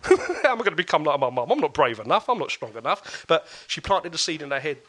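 A man, a podcast guest telling a story in casual chat, animated and laughing often. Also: a little high, fast talker. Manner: animated, acts out quoted voices, laughs often.

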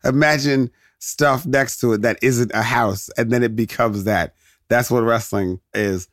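A man's voice: mid-range voice, fairly even intonation, measured pace, a bit bright, no room sound, studio quality. A man hosting a podcast, chatting casually and digressing into jokes, laughing often. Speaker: podcast host. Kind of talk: casual rambling commentary.

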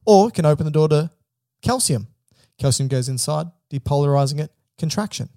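Gravelly mellow guy co-hosting a chatty science podcast, breaks stuff into easy steps, dry close mic. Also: fairly high pitch, expressive, brisk, no room sound. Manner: explains in plain steps, asks prompting questions. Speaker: podcast co-host. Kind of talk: casual educational chat.

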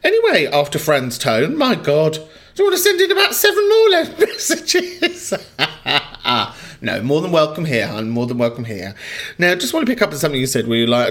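A man's voice: on the high side, moderate pace. A man hosting a call-in podcast who rants and swears freely in casual chat. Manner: animated, ranting, swears freely. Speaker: podcast host.

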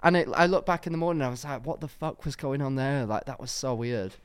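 A woman's voice: very deep voice, fast, clean tone. A young woman, telling stories in a casual podcast chat. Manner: chatty, storytelling, giggly. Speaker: podcast co-host.

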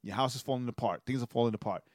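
A man's voice: medium pitch, very fast, darkish tone, no echo, studio quality. A man co-hosting a podcast in a casual chat, telling stories and tagging nearly every sentence with a questioning "right?". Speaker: podcast co-host.

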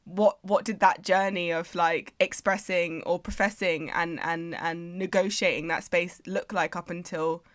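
A woman hosting a podcast, asking thoughtful questions in a halting, casual way. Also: on the low side, fairly even intonation, no room sound, clean studio sound. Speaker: podcast host. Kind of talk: interview questions, casual chat.

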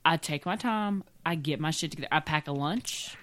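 Blunt, animated woman in casual chat. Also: deep voice. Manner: animated, blunt, quick to tease. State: congested.

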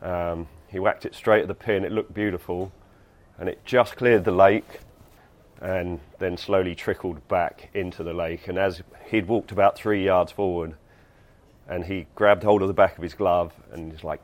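A man, a former golf caddie, telling a long anecdote in a measured way with frequent ums. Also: sits low. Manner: measured, steady storyteller with many ums. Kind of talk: casual anecdotal storytelling.

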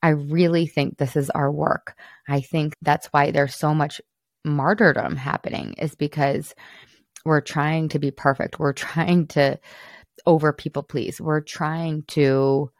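A woman's voice: sits low, level tone, slow pace, no room sound, studio quality. A woman in her thirties hosting a solo podcast, talking candidly and encouragingly to other moms and teasing herself about her own slips. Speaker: podcast host, mom coach.

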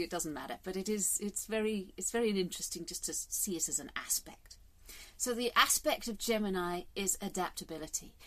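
A woman, talking candidly and rambling a little in a casual vlog monologue, with the odd swear word for emphasis. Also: mid-range voice. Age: 50s. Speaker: vlogger.

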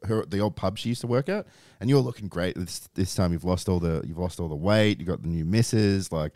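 A man, a podcast co-host chatting and asking questions in a lively way. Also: sits low, a little fast, no room sound, clean studio sound. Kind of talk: casual chat.

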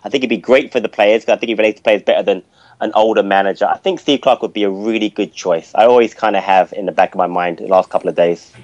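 A man's voice: lowish voice, steady tone, fast, a little mellow, no room sound. A man giving his opinions on football in casual chat, hesitant with fillers but emphatic. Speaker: pundit guest. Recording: dry dull remote line.

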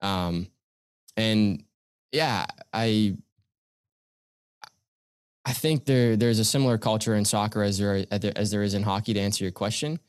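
A young man from Canada, a guest speaker, recounting personal experiences in an earnest, measured way. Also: lowish voice, no echo, clean studio sound. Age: young adult. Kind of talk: reflective storytelling in conversation.

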